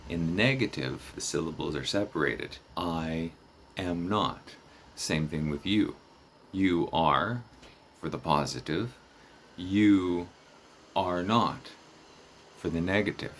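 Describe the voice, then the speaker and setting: A man narrating a teaching guide, demonstrating phrases slowly and deliberately. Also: a bass voice, fairly bright tone, slight background noise. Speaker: teacher trainer. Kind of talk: instructional narration.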